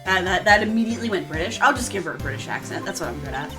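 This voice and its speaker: A woman's voice: lowish voice, expressive, racing. A woman playing a video game with a friend, chatting casually and giggling while she eats. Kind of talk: casual let's-play chat. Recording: game music playing behind. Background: game music.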